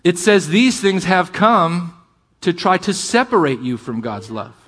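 High-voiced man preaching with passion. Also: lively intonation, a bit bright. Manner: impassioned preaching with conversational asides; reads scripture aloud with drawn-out emphasis. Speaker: pastor. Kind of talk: sermon.

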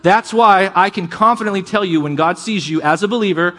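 A pastor with a high voice delivers an impassioned sermon. He mixes fervent preaching with casual asides to the listener. When he reads scripture he slows down and stretches his words for emphasis. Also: bright, forceful tone.

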